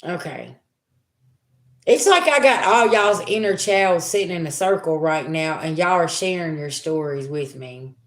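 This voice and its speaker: Unhurried yet animated, a psychic reader with a lowish voice talks bluntly and emphatically, using plenty of slang. She delivers the spiritual reading live in a space with a roomy echo.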